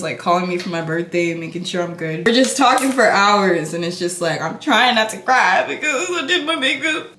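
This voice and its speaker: A woman's voice: medium pitch, a little hiss or hum. A young woman in a get-ready-with-me vlog, chatting casually while she does her makeup. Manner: chatty and animated, talking while doing makeup. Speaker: beauty vlogger. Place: indoor room, hotel. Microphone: camera mic. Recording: echoey room.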